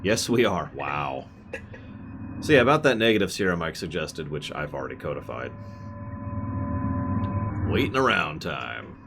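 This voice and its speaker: Deep-voiced chatty man streaming a game. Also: big pitch swings, moderate pace, gravelly, pauses often, very noisy. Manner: chatty, wanders into side tangents. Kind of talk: casual gameplay commentary.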